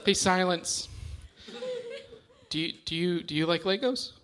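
A man doing stand-up crowd work in a comedy club, halting and self-deprecating as he teases an audience member. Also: high-pitched. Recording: live club mic with room noise.

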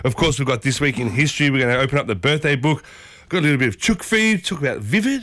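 A man in his thirties with an Australian accent and a husky voice from a sore throat, hosting a morning radio show from a studio in an energetic, playful, chatty way. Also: a little high, fast, no room sound. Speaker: radio host. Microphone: studio microphone.

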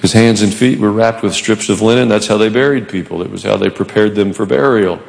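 A man's voice: fairly low pitch, a little fast, vocal fry, in a large hall. A man preaching a sermon in church, telling a story with animation and acting out the quoted lines. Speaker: pastor.

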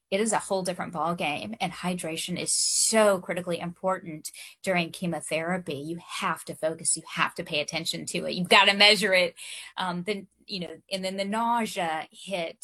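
A woman's voice: lowish voice, bright, forceful tone. A woman in her thirties, an interview guest, telling a personal story earnestly, with hesitations and light laughs.

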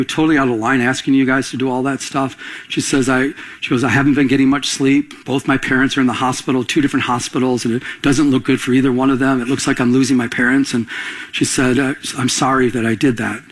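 A man's voice: mid-range voice, fairly bright tone, husky, poor audio. A middle-aged male pastor preaching a sermon, quizzing his listeners and answering himself, climbing to emphatic peaks. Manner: call-and-response preaching, rising to emphatic peaks.

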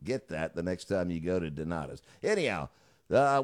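Male talk radio host, middle-aged, lively pitch, chatty monologue with quips. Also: moderate pace. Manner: chatty, with joking asides.

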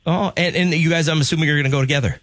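A man's voice: on the high side, very fast, fairly bright tone, no room sound, studio quality. A man hosting a morning radio show, running a call-in contest with joking game-show patter. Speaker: radio host.

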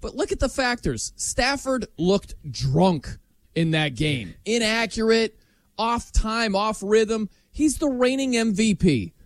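A high, lively male voice that swoops around as he jokes his way through sports talk, laughing often. The sound is dry and close. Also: slow, no echo. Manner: animated, jokey, laughs often. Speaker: sports talk show host. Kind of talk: casual sports chat.

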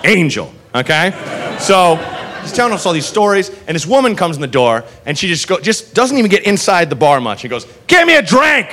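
A man doing stand-up, telling a rambling, profane story in an animated way. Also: a little high, a little fast, slight background noise. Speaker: stand-up comedian.

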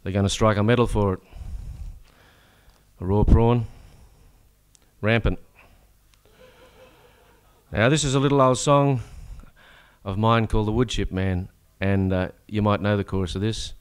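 Smooth-voiced Australian man reciting comic verse. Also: fairly low pitch, steady tone, moderate pace, pauses often. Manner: rollicking, rhythmic rhyming delivery. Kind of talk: comic bush-ballad recitation.

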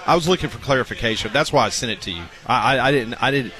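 A man's voice: medium pitch, rapid-fire, bright, forceful tone, some chatter behind. Chatty male sports radio host. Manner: chatty, reads sports news. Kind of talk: casual radio banter.

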